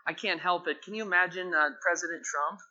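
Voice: medium pitch, a little fast, pushed and bright. Fervent pastor preaching. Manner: fervent, rising to emphatic exhortation. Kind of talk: sermon. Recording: dull lo-fi sermon recording.

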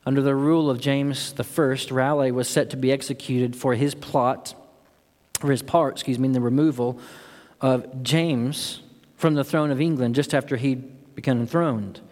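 A man's voice: medium pitch, steady tone, normal speed, darkish tone. A man preaching a sermon as pastor, earnest and building to impassioned emphasis. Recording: long hall reverb.

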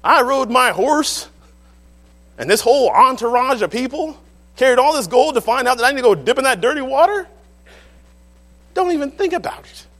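A preacher acting out a proud, angry army commander who rants loudly and indignantly. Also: male voice, very high-pitched, moderate pace, pauses often, pitched above the performer's own voice. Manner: loud, indignant ranting.

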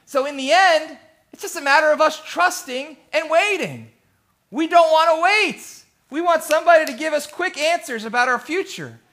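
A man preaching a sermon as pastor, emphatic, swinging between loud and hushed, with rhythmic lists. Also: high voice.

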